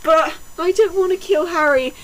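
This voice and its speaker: A woman's voice: extremely high pitch, normal speed, low-quality recording. A woman reading a bad story aloud for comedy, sliding between mock-dramatic reading and snarky, sarcastic asides. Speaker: fanfiction reader. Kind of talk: comedic mocking read-aloud.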